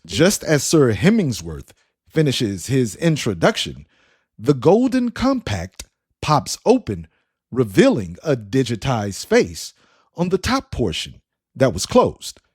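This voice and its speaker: A man narrating a story in an unhurried, expressive reading style. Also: medium pitch, breathy edge, no echo, clean studio sound.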